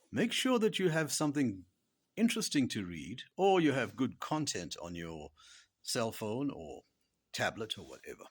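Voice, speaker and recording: A man delivering a dry, humorous monologue, his pitch rising and falling in a lively way. He slips into quiet whispered asides for punchlines and keeps a wry, deadpan tone throughout. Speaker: blogger and author. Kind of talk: humorous spoken commentary.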